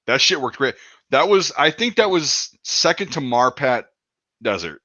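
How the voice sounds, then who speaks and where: A man's voice: mid-range voice, very animated, a little slow, pushed and bright, no echo, lo-fi sound. A man in his thirties telling a rambling story in casual chat, swearing often and acting out quotes. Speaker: podcast host.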